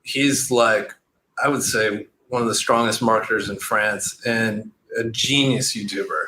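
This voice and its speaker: A man with a bright, forceful tone talks loosely and at length, sprinkling in filler words as he answers questions. His voice rings around a roomy space, with a faint hiss of noise underneath. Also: lowish voice, a little slow. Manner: relaxed, rambling with frequent "like" fillers. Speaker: guest, SEO entrepreneur. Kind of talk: casual interview chat.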